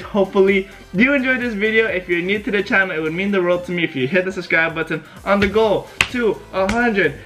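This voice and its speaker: A man from the United States hosting a casual reaction vlog, excitable and animated, often laughing. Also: high-pitched. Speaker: YouTube reaction host.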